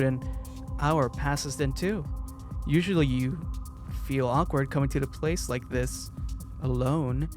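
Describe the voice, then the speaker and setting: A man casually reading a visual novel's narration aloud, breaking off for jokes, laughs and stumbles over words. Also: fairly high pitch.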